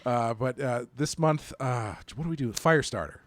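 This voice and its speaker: A man's voice: medium pitch, moderate pace, dry recording. A man co-hosting a casual horror movie podcast, rambling with lots of fillers and restarts. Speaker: podcast co-host.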